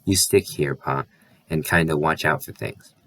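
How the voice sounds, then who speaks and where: Guy reading a tired tough country ma, real deep, drawly. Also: measured pace, fairly bright tone, dry recording, full character voice. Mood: firm, hushed. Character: weary, firm rural mother of a poor family.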